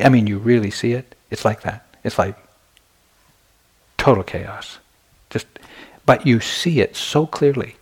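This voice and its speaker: Man, meditation teacher, evening dharma talk, gravelly low voice, husky, candid storytelling. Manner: conversational, candid, self-deprecating storytelling with frequent restarts. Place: retreat center meditation hall.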